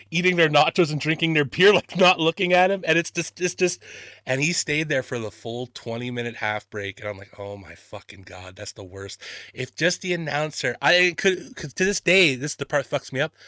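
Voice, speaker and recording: Bright, laughing, foul-mouthed podcast host. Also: male voice, fairly high pitch, dry recording, clean studio sound. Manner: animated, swears a lot, laughs often. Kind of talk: casual chat.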